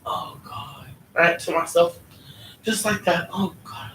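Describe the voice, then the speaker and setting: A woman's voice: on the low side, steady tone, slow, fairly bright tone. A woman giving a heartfelt personal testimony at church, often asking "right?" as she goes. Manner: earnest, heartfelt, often tags lines with "right?". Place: church hall. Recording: roomy, distant, faint background hum.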